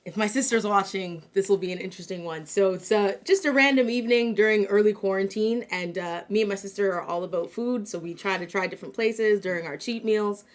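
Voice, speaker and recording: A woman's voice: medium pitch, brisk, hardly any pauses. A young woman from Canada co-hosting a casual talk show, telling a story in a chatty way with lots of fillers and acted-out quotes. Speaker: co-host.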